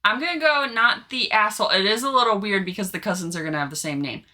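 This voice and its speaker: A woman co-hosting a casual chat show, chatty, laughing easily and giving quick opinions. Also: medium pitch, bright, forceful tone. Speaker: podcast co-host.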